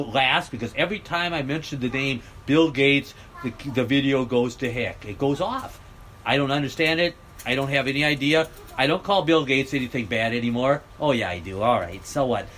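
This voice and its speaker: A man's voice: medium pitch, a little fast, a bit bright, a little hiss or hum. An older American man vlogging outdoors, talking bluntly and joking as he rambles. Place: outdoors near a road.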